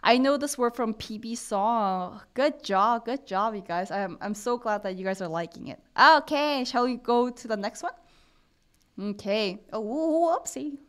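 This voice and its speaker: A young woman leads a live-streamed language lesson, chatty and encouraging as she answers viewers' comments. Her voice sits a little high and sounds smooth and clear. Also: a little slow, a bit bright. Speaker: Korean language teacher.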